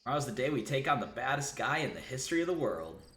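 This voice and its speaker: A man's voice: mid-range voice, sing-song, fast talker, a bit bright, roomy sound. A man voicing a brash, boastful young swordsman, reading game dialogue on stream.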